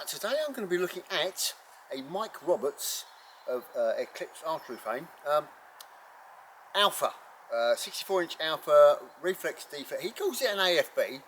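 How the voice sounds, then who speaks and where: A man's voice: mid-range voice, a bit bright, slight background noise. Rambling outdoor archery vlogger man. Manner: rambling, lots of ums and uhs, self-correcting. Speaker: archery channel host reviewing a bow. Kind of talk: casual unscripted gear review. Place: outdoors in bright sun.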